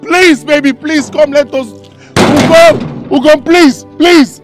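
An actor with a Nigerian accent playing a young husband who begs and shouts for his wife to come home. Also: very high-pitched, takes it slowly, music in the background. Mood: pleading. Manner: pleading and shouting, repetitive begging.

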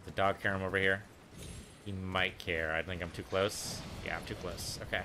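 A man's voice: deep voice, steady tone, normal speed, background noise. A man casually commenting on his own gameplay, thinking aloud and muttering to himself as he plays. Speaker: let's play gamer.

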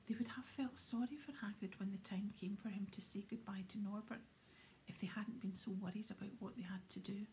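A woman reading a storybook aloud in a soft, steady whisper. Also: mid-range voice, fairly quick, slight background noise. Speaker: audiobook reader.

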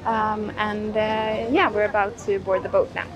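A woman narrating a casual travel vlog while walking around a city, relaxed, with plenty of ums and uhs. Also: mid-range voice, unhurried, a crowd in the background. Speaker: travel vlogger. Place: outdoors in a city.

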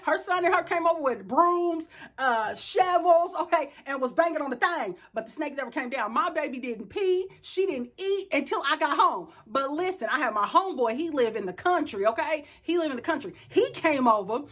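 Animated high-voiced storytelling woman. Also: moderate pace. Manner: animated, dramatic storyteller addressing viewers as y'all. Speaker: vlogger. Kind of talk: casual storytelling chat.

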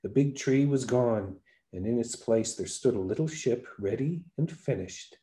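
A man narrating a folktale aloud with a lively, varied storytelling delivery. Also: medium pitch, measured pace. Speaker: podcast storyteller.

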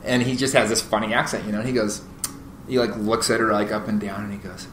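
A man, a guest on a podcast, telling stories in a casual, animated way with many fillers and restarts. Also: fairly low pitch, fast. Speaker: podcast guest, real estate agent. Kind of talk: casual interview storytelling. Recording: roomy echo, faint noise.

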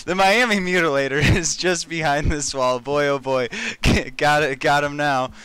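A man's voice: a little high, fairly even intonation, moderate pace, a bit bright, clear, resonant tone, pitched above the performer's own voice, natural voice. A man reading the lines of a grim male masked vigilante in his own normal voice, half-laughing as he goes. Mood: amused.

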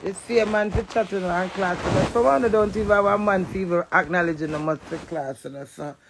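A woman with a Jamaican accent ranting defiantly to the camera, swinging between loud outbursts and low mutters. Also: a little fast, noisy background. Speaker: vlogger. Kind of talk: emotional direct-to-camera rant.

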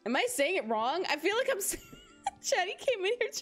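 A woman's voice: very high-pitched, sing-song, normal speed, soft background music. A woman of twenty-five hosting a casual gaming livestream, chatty and giggly as she talks straight to her chat on a close mic. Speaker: livestream host.

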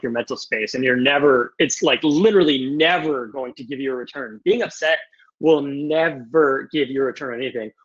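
A young man answering audience questions casually on a video call, loose and animated, with some swearing. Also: medium pitch, husky. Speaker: guest speaker. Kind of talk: casual Q&A on a webinar. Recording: muffled lo-fi video call audio.

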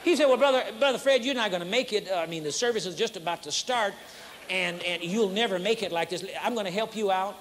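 A man's voice: high voice, fast, fairly bright tone. A man preaching a sermon at a conference, mixing humor with acted-out demonstrations. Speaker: pastor. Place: large conference hall. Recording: faint noise, 1980s conference recording.

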